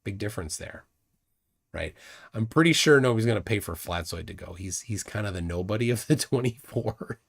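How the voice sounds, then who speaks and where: A man's voice: lowish voice, lively intonation, a little fast, vocal fry. A man hosting a casual livestream, mocking and combative, often repeating words as he argues. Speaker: livestream host.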